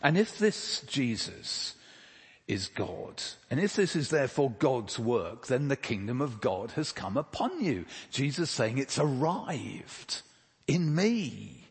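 A man's voice: medium pitch, very animated, slow, husky, big-room sound. A man preaching a sermon in a conversational way, asking rhetorical questions and dropping casual asides. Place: church.

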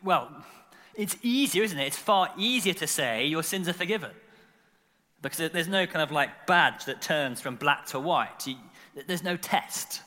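Bright-voiced male preacher in a reverberant hall. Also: fairly high pitch, unhurried. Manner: animated storytelling with frequent filler and repeated words. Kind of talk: sermon. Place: church.

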